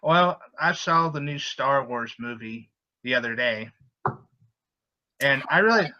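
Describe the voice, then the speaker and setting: A man co-hosting a casual live web show, talking in halting bits. His voice is very bright and sharp, a touch higher than most, and it comes through a dull, lo-fi line. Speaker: co-host.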